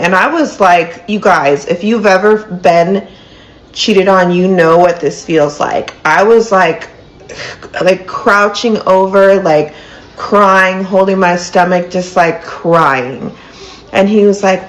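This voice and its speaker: A woman's voice: fairly low pitch, takes it slowly, poor audio. A woman in her thirties telling a personal story to camera, earnest and full of "like" and "um". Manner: earnest, many fillers like "like" and "um". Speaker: storyteller in a played clip.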